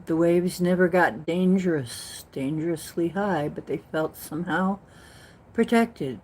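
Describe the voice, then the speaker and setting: Slow, low-voiced woman talking spiritual matters. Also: darkish tone, slight background noise. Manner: earnest, rambling storytelling with many restarts. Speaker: spiritual channel host. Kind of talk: casual spiritual talk.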